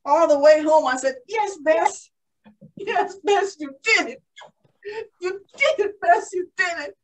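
A woman's voice: high-pitched, lively intonation, moderate pace, distant mic, rough recording. A woman playing a proud, emotional young woman aviator in a first-person living-history monologue. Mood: tearful. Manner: exclaiming, breathless with joy. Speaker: historical portrayal performer.

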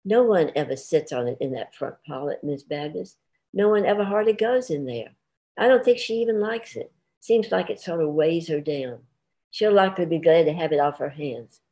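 A woman's voice: deep voice, lively intonation, normal speed, dark tone. A woman reading the part of a chatty farm wife who coaxes and pleads in folksy dialect. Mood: persuading. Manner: sweet-talking, pleading, folksy.

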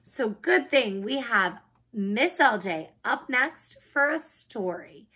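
A woman's voice: on the high side, animated, takes it slowly, pushed and bright, husky. A woman childcare teacher hosting circle time, talking to young children in an enthusiastic, encouraging way.

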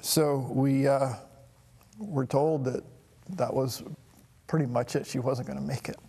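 A middle-aged man telling a personal family story in a halting, emotional way, with frequent restarts. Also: medium pitch, fairly even intonation, vocal fry, dark tone, husky, in a large hall. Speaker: talk show host.

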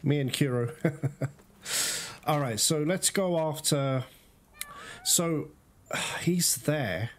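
A man giving casual gameplay commentary, talking straight to his viewers and quickly cursing when things go wrong. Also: fairly high pitch, a little hiss or hum. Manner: talks straight to viewers, quick to curse in frustration. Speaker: gaming video host.

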